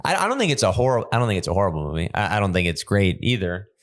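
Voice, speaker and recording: A young adult man, a stand-up comedian hosting a podcast, telling stories in a rambling, animated way with lots of restarts. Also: fairly low pitch, very fast. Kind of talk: casual comedic chat.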